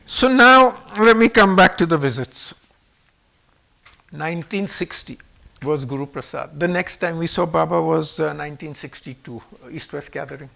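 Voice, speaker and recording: A man in his seventies from Pakistan, telling personal stories in an animated way and shifting his voice to act out what others said. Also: a little high, normal speed, vocal fry. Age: 70s. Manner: animated, acts out quoted speech with shifts in voice. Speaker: guest speaker. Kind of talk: personal storytelling.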